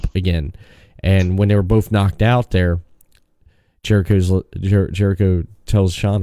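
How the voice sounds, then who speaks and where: A man's voice: sits low, steady tone, a little slow, mellow, no room sound, studio quality. A man hosting a podcast, chatting easily with his guest and often repeating himself as he talks. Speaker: podcast host. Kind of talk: casual chat.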